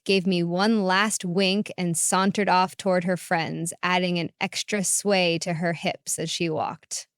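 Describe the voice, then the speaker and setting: A woman narrating a first-person story in a calm, reflective way. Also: on the low side, a little slow, hardly any pauses, smooth, no echo, studio quality.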